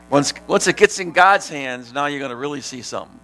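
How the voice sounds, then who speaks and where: Gravelly, forceful male pastor preaching. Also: fairly high pitch, a little fast, hardly any pauses, low-quality recording. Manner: animated, rising to shouts and laughing with the congregation. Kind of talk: sermon.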